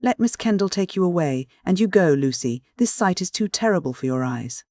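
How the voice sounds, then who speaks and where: A man voicing a brisk young gentleman who speaks hastily and sharply. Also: high voice, expressive, no room sound, studio quality, pitched above the performer's own voice. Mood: urgent. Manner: hasty and sharp.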